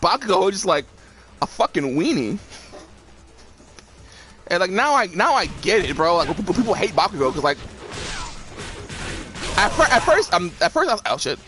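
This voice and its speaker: A man's voice: sits high, very animated, moderate pace, long pauses, a bit bright. A young man streaming a game, rambling profanely with lots of restarts and laughs. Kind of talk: casual commentary while gaming.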